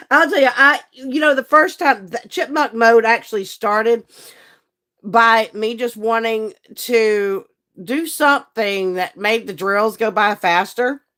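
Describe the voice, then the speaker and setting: This is a woman with a hoarse, croaky voice, chatting her way through a live stream. She talks at an unhurried pace and sits a little high in her register. Her manner is folksy and friendly as she calls out viewers by name. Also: sharp tone. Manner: chatty, folksy, laughs often. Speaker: livestream host and seller. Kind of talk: casual live-stream chat greeting viewers.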